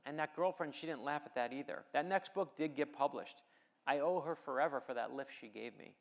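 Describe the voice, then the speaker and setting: This middle-aged American man's voice is a little high and gravelly, and he speaks fairly quickly. A keynote speaker and novelist, he motivates the crowd through personal stories, light humor, and rallying words.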